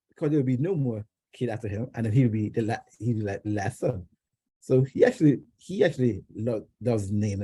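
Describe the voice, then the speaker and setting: A man from Jamaica tells a family story to his club, his voice husky and very dark. His pitch swings widely as he acts out quotes, and he stumbles and restarts often. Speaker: club member giving an icebreaker speech. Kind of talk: personal prepared speech. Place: club meeting room.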